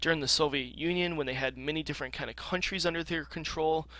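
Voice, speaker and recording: Male teacher, bright dry voice, casual recorded lecture, loose and explanatory with ums. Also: fairly high pitch, quick pace, dry recording. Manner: casual explaining with frequent ums and throat clearing.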